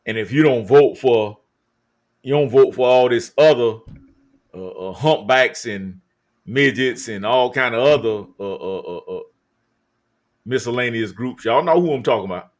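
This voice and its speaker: Guy hosting a live stream over call audio, mid pitch, emphatic, lots of uh's and dragged words. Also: unhurried. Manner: emphatic, drawn out, many uh fillers. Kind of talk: casual live-stream talk.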